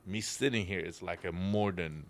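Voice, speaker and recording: A man's voice: low-pitched, normal speed, creaky. A middle-aged man with a Polish accent who speaks Polish as his first language, telling stories as a podcast guest in blunt, emotional, broken English with some swearing. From Poland. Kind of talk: casual chat.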